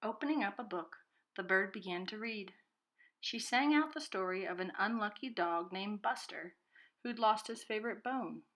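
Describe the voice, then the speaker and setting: A preschool teacher reading a storybook aloud to children and clearly explaining new words. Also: female voice, mid-range voice, normal speed, fairly bright tone. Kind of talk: storybook read-aloud lesson.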